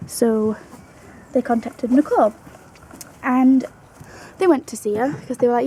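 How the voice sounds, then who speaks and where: A woman's voice: on the high side, a little slow, dark tone, slight background noise, poor audio. A young woman vlogging at home about her pet rabbit in a chatty, fond way, now and then cooing to the animal. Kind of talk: casual storytelling to camera.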